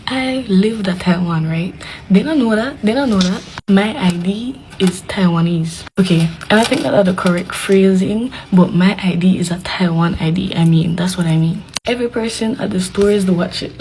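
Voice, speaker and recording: A young woman tells a story casually, animated and dramatic, with hushed asides. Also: fairly low pitch, slight background noise, low-quality recording. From Belize. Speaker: vlogger.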